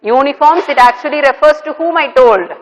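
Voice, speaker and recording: A middle-aged woman teacher with a fairly high voice explains a poem to her students. She repeats her points and keeps checking in with "okay". Her voice rings with a long reverb. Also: brisk. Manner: repetitive, checking with "okay" and "clear?". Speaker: English teacher. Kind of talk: classroom lesson explaining a poem.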